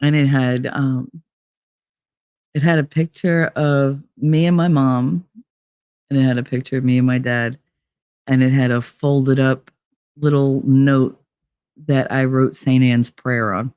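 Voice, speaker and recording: A middle-aged woman from Hoboken, telling personal stories in a blunt, profane, animated way as a podcast host. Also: extremely low pitch, measured pace, long pauses, smooth, dry recording, studio quality. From Hoboken, New Jersey. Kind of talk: casual storytelling.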